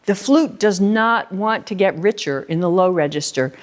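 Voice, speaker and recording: A woman's voice: medium pitch, lively intonation, normal speed. A middle-aged woman teaching a flute masterclass, coaching a student and singing short syllables to show how a phrase should move.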